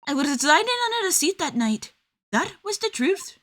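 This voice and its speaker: A woman's voice: very animated, normal speed, fairly bright tone. A woman voicing a scrappy, defensive young street girl with a put-on Cockney accent while reading game dialogue aloud. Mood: confessing. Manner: high, pushy, clipped street slang.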